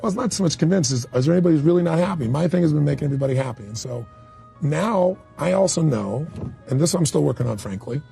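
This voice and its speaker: A man's voice: on the high side, lively intonation, quick pace, vocal fry, mellow, soft background music. A man speaking as a motivational speaker in a candid interview, blunt and full of stories, acting out quotes. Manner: storytelling, blunt, acts out quotes.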